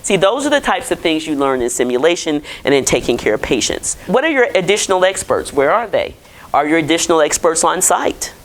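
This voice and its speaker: A woman's voice: low voice, very animated, fairly quick, rough recording. A woman physician giving a conversational conference lecture and putting questions to the audience. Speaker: physician presenting to clinicians.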